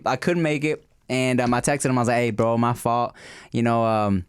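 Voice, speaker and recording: A man with a mid-range voice, chatting on a podcast. He is relaxed and easygoing, laughs readily, and swears without thinking about it. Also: medium pitch, moderate pace, clear, resonant tone, no room sound, studio quality. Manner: laid-back, laughing, swears casually. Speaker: podcast co-host. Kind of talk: casual podcast chat.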